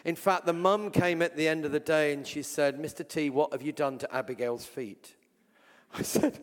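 An English man preaching a sermon and telling healing stories, swinging between loud exclamations and hushed asides. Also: on the high side, fairly even intonation, moderate pace. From England. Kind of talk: sermon with storytelling. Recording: long reverb from a large hall.

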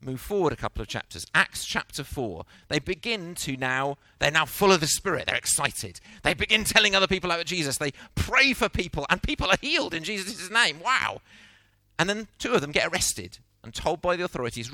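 A middle-aged man preaching a sermon, telling the story with lively acted-out voices. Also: fairly high pitch, a little fast, no echo. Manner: animated storytelling, acting out quotes.

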